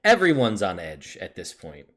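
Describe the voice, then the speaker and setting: Lively man running a tabletop game. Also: deep voice. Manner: lively, voices characters in quick asides. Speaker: dungeon master.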